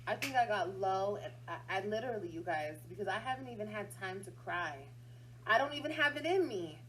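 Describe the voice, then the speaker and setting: A woman's voice: on the high side, fairly bright tone, a little hiss or hum, low-quality recording. A woman hosting a casual livestream, venting bluntly and swearing heavily as she talks straight to her viewers. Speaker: livestream host.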